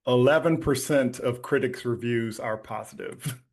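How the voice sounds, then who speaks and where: A man's voice: medium pitch, normal speed, gravelly, a little mellow. A man co-hosting a podcast, laid-back, mostly giving short agreements and laughing along. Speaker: podcast co-host. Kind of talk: casual chat.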